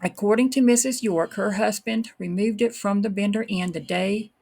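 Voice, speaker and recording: A true crime podcast host reads historical documents aloud, then adds offhand, unsure comments of her own. Her medium-pitched voice is husky and a little mellow, at a moderate pace.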